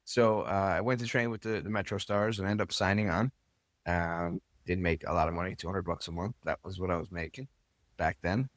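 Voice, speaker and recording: Low-voiced man telling a story casually. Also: a little fast, no echo. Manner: relaxed, filler-heavy storytelling with quoted speech. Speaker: podcast guest, club owner.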